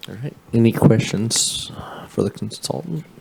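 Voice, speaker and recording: A man's voice: medium pitch, animated, unhurried, vocal fry, darkish tone, a little hiss or hum. A man chairing a public commission meeting, giving brief procedural prompts.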